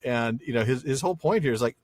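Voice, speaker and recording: A man's voice: mid-range voice, lively intonation, fast talker, darkish tone, no room sound. A man hosting a podcast, enthusiastically discussing a book and paraphrasing its characters playfully. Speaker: podcast host.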